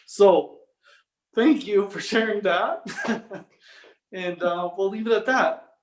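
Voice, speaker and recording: A man's voice: high voice, slow, a little hiss or hum. A man, a personal trainer hosting the chat, speaking in an earnest, encouraging way. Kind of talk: casual video call chat. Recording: echoey room.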